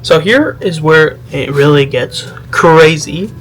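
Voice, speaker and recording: A sassy young man vlogging and reading comments aloud, his voice sitting a bit high and leaping into squeals when he gets excited. Faint music plays softly underneath him. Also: slow, poor audio. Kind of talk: casual chat reading comments.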